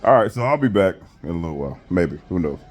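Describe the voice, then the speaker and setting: A man's voice: sits low, big pitch swings, fast, darkish tone, faint music behind. A man giving a profane, mocking rant while reviewing a wrestling show. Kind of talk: casual rant.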